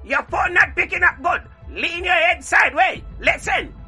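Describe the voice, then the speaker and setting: A performer voicing a loud, bossy old Jamaican grandmother who shouts and scolds in patois on a phone call. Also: very high voice, animated, moderate pace, faint music behind, full character voice. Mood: scolding.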